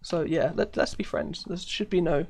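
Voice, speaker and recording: Chatting casually over a game live-stream, this British man from the UK rambles with lots of fillers and laughs often. His voice is a little high yet gravelly and darkish, at normal speed, with a little hiss or hum in the audio.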